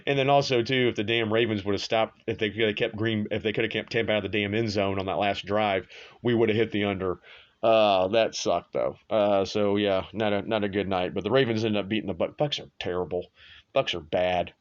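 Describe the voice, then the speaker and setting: A man's voice: on the low side, fairly even intonation, fairly quick, muffled recording. A man hosting a sports show, talking casually and bluntly, with frequent swearing and offhand asides. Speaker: sports podcast host. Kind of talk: casual sports and betting talk.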